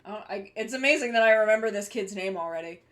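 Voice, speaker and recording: A woman's voice: medium pitch, fast talker, fairly bright tone. A young woman streaming live, chatting casually with her viewers while she draws, rambling and swearing offhandedly.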